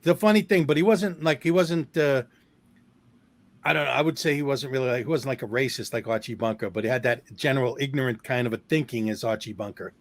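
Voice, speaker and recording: A man's voice: medium pitch, brisk. A man with a New York accent, co-host of a comedy podcast, joking in casual chat. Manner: joking, talks over others.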